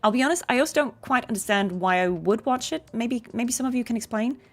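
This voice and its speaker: A voice actress chatting casually on a game stream and answering viewer questions. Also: female voice, a little high, fast. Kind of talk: casual livestream chat.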